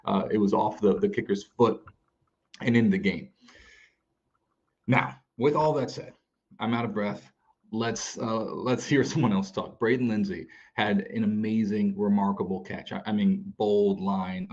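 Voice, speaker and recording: A man hosting a sports podcast, recapping a game in an animated, fast-talking way with frequent restarts. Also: on the low side, highs cut off. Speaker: podcast host.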